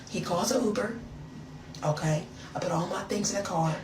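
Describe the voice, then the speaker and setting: A woman telling a personal story in a dramatic, animated way, acting out what people said. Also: brisk. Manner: dramatic, acts out quotes in big high voices. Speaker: storyteller in a reacted clip. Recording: echoey room, mic at a distance, noisy.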